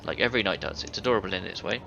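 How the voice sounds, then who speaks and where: A man's voice: low voice, expressive, rapid-fire, gravelly, sharp tone, exaggerated voice. A man voicing a tired, short-tempered villager in a video game. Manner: weary, slightly irritable. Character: harried male villager, short-tempered brother. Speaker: game character. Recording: dull game audio with faint hiss.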